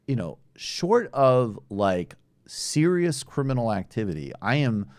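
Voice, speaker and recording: A man's voice: lowish voice, a little mellow, dry recording. A man hosting a casual political talk show, wry and rambling, with lots of fillers. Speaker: host.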